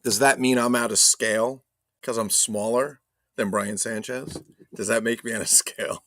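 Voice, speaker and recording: A man's voice: medium pitch, steady tone, normal speed, a bit bright, slight background noise. A man hosting a casual live stream, joking loosely, swearing and reading viewer chat aloud. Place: home streaming setup.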